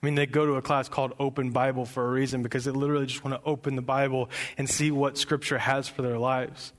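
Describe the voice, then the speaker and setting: A young man preaching a sermon, impassioned and building to loud emphatic peaks. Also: mid-range voice, little pitch movement, fast. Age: young adult. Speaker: pastor.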